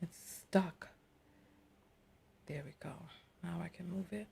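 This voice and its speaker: A woman's voice: on the low side, takes it slowly, vocal fry, mellow, a little hiss or hum. Chatty woman doing live reaction commentary. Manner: chatty, talks to viewers as y'all, incredulous. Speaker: reaction streamer.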